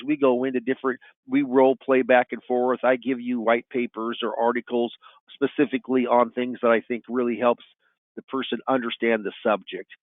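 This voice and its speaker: A man's voice: mid-range voice, no echo. Middle-aged male sales coach, chatty storyteller, tinny dry call-in audio. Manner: folksy storyteller, repeats "you know what". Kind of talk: webinar talk with client anecdotes.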